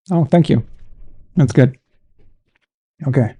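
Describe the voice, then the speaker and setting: A man hosting a casual sports live stream, animated and exasperated as he chats with viewers. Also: a little high, slow pace, pauses often, no room sound.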